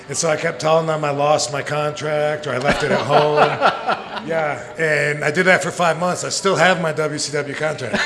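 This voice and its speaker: A creaky, bright, forceful voice pitched a little high comes from a man in his forties guesting on a live podcast show. He rambles through profane stories and laughs frequently, with the live venue's long reverb and faint noise in the background.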